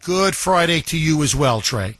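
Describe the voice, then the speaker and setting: A male talk radio host with a notably high voice talks in an excitable, rambling way, stressing words hard as he takes calls. His voice is close and dry, with no room sound around it. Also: moderate pace, dry recording. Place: radio studio. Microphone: studio microphone.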